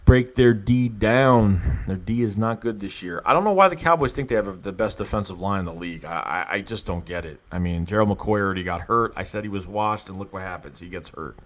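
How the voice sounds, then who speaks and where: Excitable young man hosting a sports livestream. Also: fairly low pitch, a little fast. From Philadelphia area. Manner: excitable, swears and groans at himself, lots of restarts. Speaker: livestream host reading fan comments. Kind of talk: casual livestream chat.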